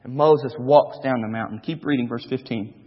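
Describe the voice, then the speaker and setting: A man, a pastor preaching a sermon, swinging between loud and hushed. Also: medium pitch, normal speed, husky. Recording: dull recording with long church reverb.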